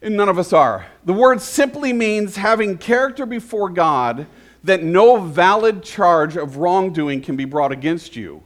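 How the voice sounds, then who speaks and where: A man with a notably high voice delivers a sermon in an easy, conversational way. He keeps turning to the congregation with questions, like a pastor talking with the room rather than at it. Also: lively intonation, unhurried.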